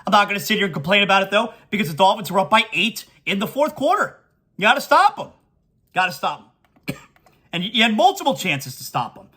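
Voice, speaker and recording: A man's voice: sits high, sing-song, fast, bright, forceful tone, breathy edge. A man hosting a sports talk show, reading scores and venting emphatically as a fan.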